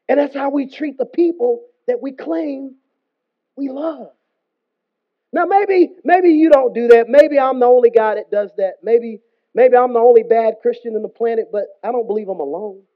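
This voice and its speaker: A man preaching a sermon in a casual, humorous and slangy storytelling style. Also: very high voice. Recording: dull lo-fi recording.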